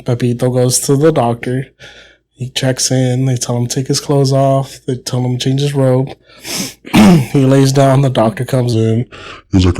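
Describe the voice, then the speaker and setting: A man co-hosting a podcast, telling a long joke in a casual way and clearing his throat often. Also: medium pitch, level tone, moderate pace, warm tone. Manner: storytelling with voiced characters, frequent throat clearing. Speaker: podcast co-host.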